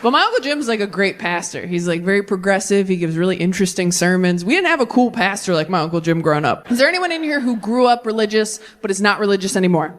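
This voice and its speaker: A young woman performing stand-up comedy on stage, wry and animated, jumping to high squeaks for emphasis. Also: fast, few pauses, some chatter behind, a little hiss or hum. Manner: wry, animated delivery with sudden high-pitched bursts. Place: comedy stage before a live audience.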